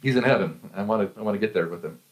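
Man preaching a story-filled sermon. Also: rapid-fire. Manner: storytelling with frequent laughs and lively pitch swings. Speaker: pastor.

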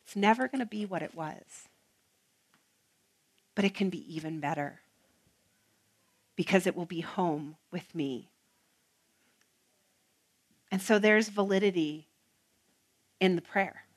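A woman preaching a sermon, earnest and emphatic, with rhythmic repetition and some soft, hushed passages. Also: on the low side, takes it slowly, long pauses.

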